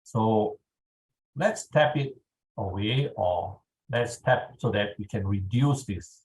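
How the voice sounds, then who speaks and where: A man leading a guided tapping exercise over a video call, speaking calmly and checking in often with his listeners. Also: on the low side, low-quality recording. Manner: slow, calm instructional pacing with frequent "all right". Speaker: EFT tapping instructor.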